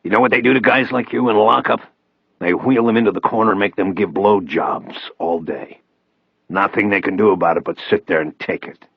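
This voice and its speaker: A man voicing a menacing male federal agent who taunts and threatens in a deep, husky voice. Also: brisk, no echo, dull audio.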